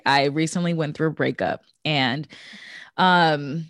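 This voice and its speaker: A woman's voice: low voice, fairly even intonation, measured pace, a bit bright, no echo, studio quality. A woman talking openly and emotionally with a reader about her career and a recent breakup. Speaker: client of the reading. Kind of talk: casual conversation.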